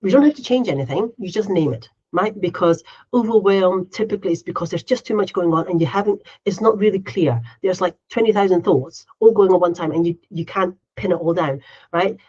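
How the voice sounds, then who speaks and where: A woman's voice: fairly low pitch, fairly quick, darkish tone, husky. Woman, podcast co-host, casual chat, chatty, says "right?" a lot, acts out her inner voice, slightly dull lo-fi sound. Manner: chatty, tags sentences with "right?".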